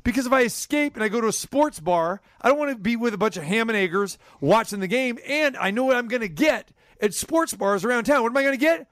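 A middle-aged man hosting a sports radio show, telling a rambling story with animated swings between high and low. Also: fast talker, few pauses, dry recording, studio quality. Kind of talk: casual sports talk chat.

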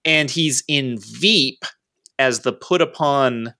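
A man's voice: medium pitch, slow pace, sharp tone, dry recording. A man with a middle-range voice hosts a casual movie podcast. He talks in a loose, hesitant way, full of fillers and restarts. The sound is dry and close, with no room around it. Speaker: podcast co-host. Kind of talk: casual chat.

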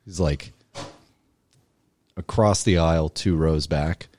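A man's voice: extremely low pitch, slow pace, a little mellow, no echo. A man co-hosting a podcast, complaining with profanity as he tells a story. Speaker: podcast co-host. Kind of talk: casual chat.

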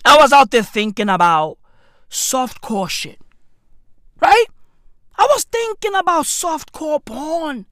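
A young woman telling profane comic stories, jumping from high squeals to low mutters and packing in slang. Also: big pitch swings, unhurried, a bit bright, no echo, clean studio sound.

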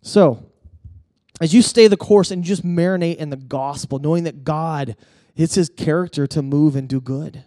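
A male pastor preaching a sermon in a conversational, animated way, often restarting his phrases and building intensity as he tells stories. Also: fairly high pitch, moderate pace, dry recording, clean studio sound. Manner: conversational with frequent restarts and stammers; animated storytelling, rising intensity at key points.

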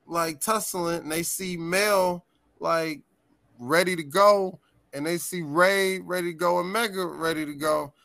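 Man, podcast guest, bright voice, dry sound, laughing storyteller, profane. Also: high voice, no room sound. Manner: animated, profane, laughs often while telling stories. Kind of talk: casual storytelling chat.

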